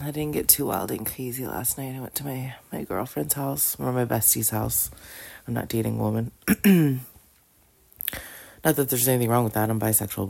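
Woman, very low and husky voice, drowsy morning tone, intimate casual diary from bed, often half-whispered. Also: dark tone. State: groggy morning voice. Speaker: audio diarist. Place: in bed at home.

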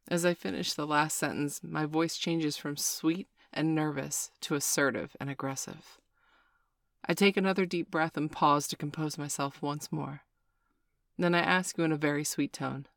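Woman, mid-pitched, gravelly; dry close read of an intimate first-person story. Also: steady tone, moderate pace, no room sound.

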